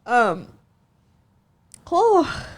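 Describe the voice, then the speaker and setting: A woman's voice: a little high, huge pitch swings, extremely slow. A young woman hosting a podcast, telling a story in casual chat, heated and profane, laughing often. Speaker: podcast host.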